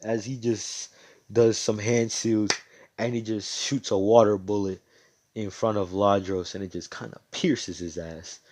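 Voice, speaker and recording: A man telling a homemade fan story in his own casual way, packed with swearing and "you know"s. His voice sits fairly low. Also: steady tone, measured pace, darkish tone, a little hiss or hum. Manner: loose and slangy, full of swearing and fillers.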